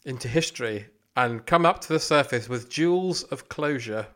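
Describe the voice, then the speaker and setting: Lively, jokey male podcast host. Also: mid-range voice, normal speed. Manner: jokey, laughs often, stumbles over words. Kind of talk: casual history chat.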